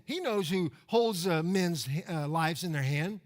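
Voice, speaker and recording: A man's voice: high voice, normal speed, few pauses. A man preaching a sermon as pastor in a church, talking conversationally, repeating words and asking rhetorical questions. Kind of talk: expository sermon. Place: church sanctuary.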